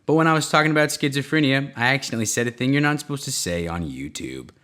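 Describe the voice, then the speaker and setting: A man hosting a comedy podcast, telling self-mocking stories in a rambling way, with sudden jumps in pitch. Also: animated, quick pace, fairly bright tone. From United States. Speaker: podcast host. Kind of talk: comedic solo monologue.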